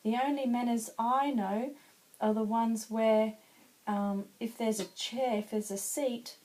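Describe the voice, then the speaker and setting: A helpful shopkeeper in a told children's story, as a woman voices him, patiently explaining the rules. The tone is mellow and soft. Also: fairly high pitch, fairly even intonation, slow, low-quality recording.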